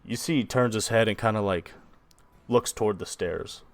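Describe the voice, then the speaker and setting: Narrating a tabletop game, a male game master keeps things loose, leaning heavily on fillers such as "like" and "kinda." He speaks at a moderate pace in a lowish voice, with no room sound.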